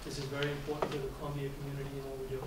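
A man moderating a pitch competition, speaking in a chatty, jovial storytelling manner. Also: monotone, racing. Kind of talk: wrapping up a live pitch competition, telling a joke. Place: conference room. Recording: echoey room with background noise.

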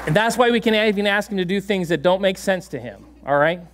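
A man preaching a sermon in a church, animated and laughing often, giving commands to a dog on stage. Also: sits high, brisk, noisy background. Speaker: pastor. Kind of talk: sermon with a live dog demonstration. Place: church sanctuary.

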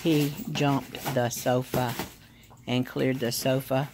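A woman's voice: rumbling low, level tone, slow, noisy background. A woman, filming her dog at home on a phone and calling out bubbly sing-song commands and praise. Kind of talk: casual home video chat. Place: living room at home, on a sofa. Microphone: phone camera.

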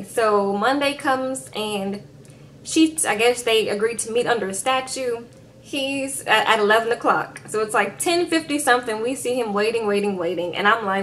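A woman casually recapping a reality episode, sassy and animated with laughing asides. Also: on the high side, moderate pace, a little hiss or hum.

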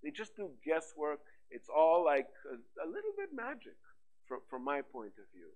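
A man giving a talk at a tech conference, his voice sitting a little high. He talks in a lively, rhetorical way, asking questions and answering them himself. His delivery is full of fillers and restarts. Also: normal speed, rough recording. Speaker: conference speaker. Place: conference hall.

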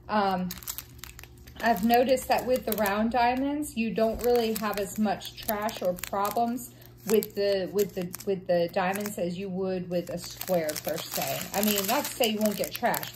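A woman, chatting casually and gushing excitedly while unboxing craft supplies and reading out numbers. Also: medium pitch, measured pace, a little hiss or hum. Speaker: craft vlogger.

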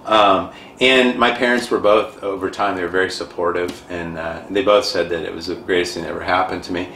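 Man, lowish voice, animated storyteller, echoey room, faint hiss. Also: a little fast, creaky. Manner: animated, self-described dramatic. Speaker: guest. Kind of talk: telling a personal story.

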